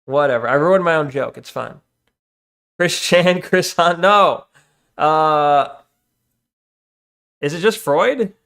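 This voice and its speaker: Young man, streamer, casual late-night chat, rambling, profane, joking, fairly high voice. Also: takes it slowly, creaky, pauses often, fairly bright tone.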